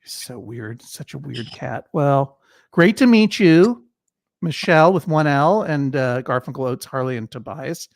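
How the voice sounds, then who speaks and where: A man's voice: mid-range voice, expressive, a little slow, creaky, dry recording, studio quality. A man hosting a casual online talk show, playful and rambling, with absurd asides. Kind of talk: casual video chat.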